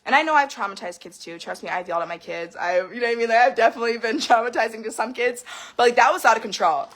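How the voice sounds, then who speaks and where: A woman's voice: a little high, fast talker, a bit bright. A woman in her thirties ranting to camera in a heated personal vlog, swearing freely and veering between laughter and tears. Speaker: vlogger. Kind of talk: emotional personal rant to camera.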